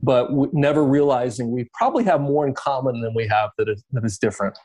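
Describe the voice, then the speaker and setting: A man's voice: medium pitch, expressive, fast, a little mellow. A man, a guest on a podcast, talking casually and reflectively about interviewing artists, with lots of fillers and restarts. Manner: reflective, rambling with many fillers.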